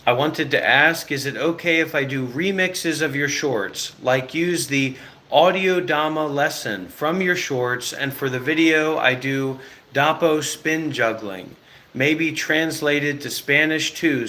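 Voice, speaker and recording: A man's voice: mid-range voice, a little slow, sharp tone. A man hosting a casual livestream chat, blunt and sarcastic as he teases his co-host and callers.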